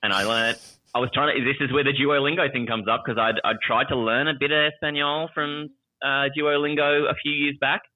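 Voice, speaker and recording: A man's voice: mid-range voice, little pitch movement, a little fast, dry recording, narrow, tinny audio. A man with an Australian accent in casual chat, jokey and self-mocking, laughing often.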